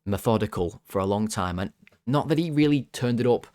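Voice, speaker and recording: A man's voice: on the low side, lively intonation, fairly quick, a little mellow, no echo, clean studio sound. Chatty man rating football players. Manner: chatty, joking, rambles off topic. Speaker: football fan channel host.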